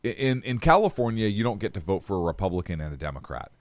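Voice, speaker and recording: A man's voice: low-pitched, big pitch swings, quick pace, no room sound, clean studio sound. A man co-hosting a casual political talk show, blunt and profane in his opinions. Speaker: podcast co-host.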